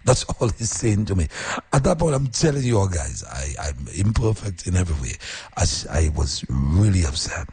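Male radio host, very low and deeply husky, animated storyteller with an earnest, exhorting manner. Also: moderate pace. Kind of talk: casual on-air storytelling and advice.

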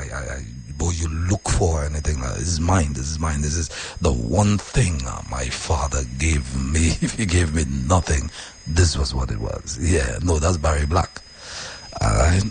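A man who hosts radio, talking casually about his week, deep-voiced when calm and emphatic with repeated phrases. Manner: repetitive, emphatic, swings from quiet and low to high and animated. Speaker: radio host. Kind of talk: casual personal talk.

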